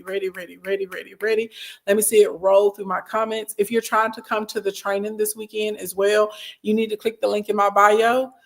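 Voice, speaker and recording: A woman talks straight to her followers on a livestream, chatty and blunt. She keeps checking in with "okay?" and scolds them like a big cousin. Her pitch sits in the middle range. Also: creaky. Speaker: business coach hosting a livestream. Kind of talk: casual livestream talk to followers.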